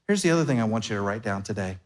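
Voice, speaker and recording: A man's voice: fairly low pitch, expressive, rapid-fire. A man, the pastor, preaching a sermon to his congregation in a conversational way, slipping into everyday back-and-forth dialogue to make his points. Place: church sanctuary before a congregation.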